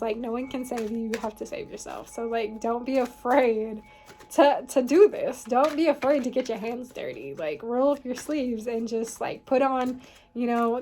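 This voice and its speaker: A woman's voice: fairly high pitch, warm tone, a little hiss or hum. A woman giving a casual tarot reading, rambling and filling her talk with "like" and "you know what I mean". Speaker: tarot reader.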